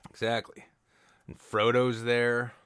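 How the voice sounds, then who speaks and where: A man hosting a podcast, rambling through absurd deadpan comic riffs in casual chat. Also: medium pitch, slow, clear, resonant tone, no room sound, clean studio sound. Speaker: podcast host.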